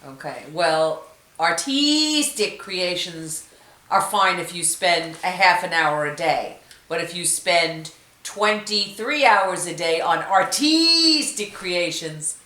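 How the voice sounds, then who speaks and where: Slow-talking low-voiced woman. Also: lively intonation, pushed and bright, roomy sound. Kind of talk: casual chat.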